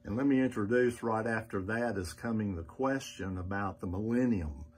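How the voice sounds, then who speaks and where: Male pastor, husky low voice, measured earnest teaching, podcast host. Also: darkish tone.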